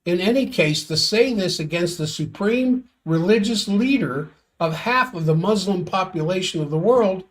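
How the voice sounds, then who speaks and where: A man's voice: high-pitched, lively intonation, moderate pace, few pauses. A man hosting a solo world-affairs commentary stream, sardonic and exasperated as he reads out quotes and reacts.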